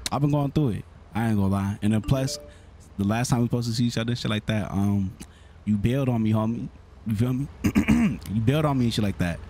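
A man's voice: mid-range voice, fast talker, dark tone, a little hiss or hum. A young man streaming a roleplay game, talking in a rambling slangy way full of "you feel me" and filler. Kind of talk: in-character streetwise roleplay talk.

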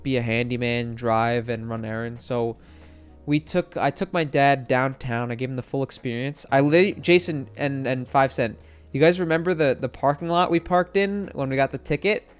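A man's voice: mid-range voice, normal speed, smooth, soft background music. Young guy streaming, rambly and hyped, swears a lot, clean voice. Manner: excitable, rambling, lots of fillers and swearing. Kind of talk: casual storytelling to stream chat.

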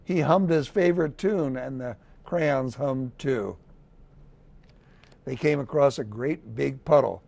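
A man, a city mayor, reading a children's picture book aloud in a gentle storytelling manner. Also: mid-range voice, creaky. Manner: gentle, slow storytelling with lively read-aloud voices.

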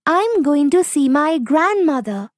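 An eager little girl from a storybook, as a woman reading aloud plays her. Her voice is raised high and bright, a little louder than the narration, in a dry close recording. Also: sing-song, a little slow, dry recording. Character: eager young girl, Little Red Riding Hood.

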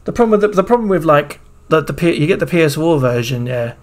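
Excitable streamer, slightly high voice. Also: male voice, fast talker, faint music behind. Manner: excitable, swears freely, talks over the video. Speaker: streamer reacting to a game trailer. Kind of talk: casual reaction commentary.

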